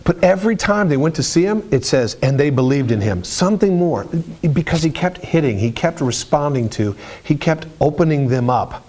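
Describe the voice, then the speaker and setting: A man preaching a sermon in an animated, storytelling way, with colloquial asides and frequent restarts. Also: on the high side, moderate pace.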